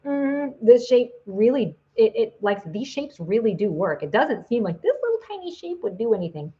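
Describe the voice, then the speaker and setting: A woman's voice: medium pitch, sing-song, moderate pace, highs cut off. A woman giving a casual video lesson as a psychic teacher, chatty, with many fillers and restarts.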